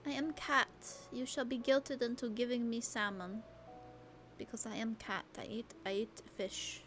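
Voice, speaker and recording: A woman's voice: a little high, fairly even intonation, unhurried, a bit bright, faint music behind. A woman voicing a smug, demanding house cat in mock-solemn broken grammar.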